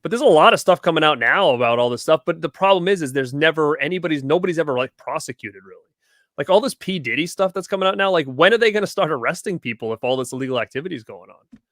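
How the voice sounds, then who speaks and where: A man's voice: on the high side, expressive, fast, fairly bright tone, dry recording, clean studio sound. Rambling, incredulous man on a livestream. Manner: rambling, incredulous, laughs often. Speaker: co-host. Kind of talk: casual livestream chat. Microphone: video call.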